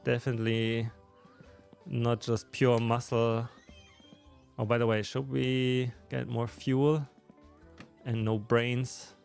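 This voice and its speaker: A man's voice: mid-range voice, flat delivery, slow, vocal fry, pauses often, a little mellow, soft background music. German guy streaming, chatting with chat while gaming, laughs a lot, normal mid voice. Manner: chatty, laughs often, talks to viewers.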